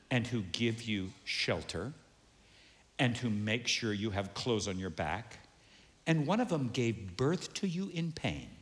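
A male pastor preaching a sermon, animated and humorous, acting out the voices of the people he quotes. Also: medium pitch. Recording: long hall reverb.

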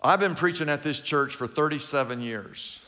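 An older man, a pastor, giving an emphatic, dramatic sermon in a large church, swinging between loud and soft. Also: a little high, moderate pace, long reverb tail, noisy background. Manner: emphatic, dramatic preaching with sudden swings in loudness.

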